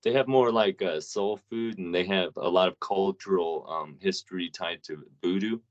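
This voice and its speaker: A man with a very deep voice tells stories loosely, swearing as he goes, as a podcast co-host. The recording is muffled and lo-fi. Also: normal speed. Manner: loose, profane storytelling. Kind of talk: casual podcast chat. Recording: dull lo-fi audio.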